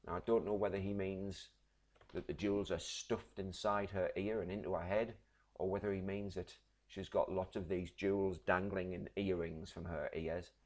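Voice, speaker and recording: In a recorded literature lesson, a deep-voiced English teacher explains things patiently, step by step. He keeps checking in with his class as he goes.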